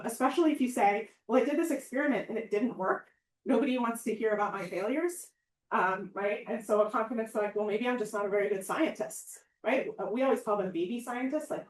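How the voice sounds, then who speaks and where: A woman giving an informal public talk as a professor, chatty and animated, often asking "right?" and acting out quoted voices. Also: on the high side. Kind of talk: informal lecture. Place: outdoor event or hall. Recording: echoey, mic far from speaker.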